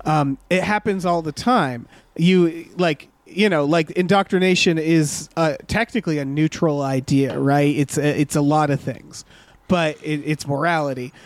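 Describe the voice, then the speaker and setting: A man's voice: on the high side, normal speed, dry recording. A man co-hosting a casual podcast, reviewing a movie in exasperated, sweary bursts with lots of restarts. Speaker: podcast co-host.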